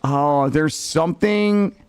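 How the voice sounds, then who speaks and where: A man streaming a game live, excitable, swearing and talking to his chat. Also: fairly high pitch, slow pace, smooth, no room sound. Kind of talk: live gameplay commentary.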